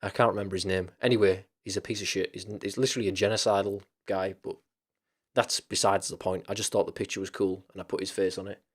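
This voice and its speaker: A man's voice: sits low, level tone, quick pace. A man hosting a casual chat stream, rambling loosely with lots of fillers, restarts and casual swearing.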